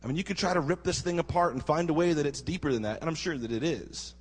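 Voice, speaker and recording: Husky-voiced man preaching in a hall. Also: a little high, quick pace. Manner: animated preaching with rhetorical questions to the congregation. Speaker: pastor. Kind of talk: sermon. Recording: husky voice with long hall reverb.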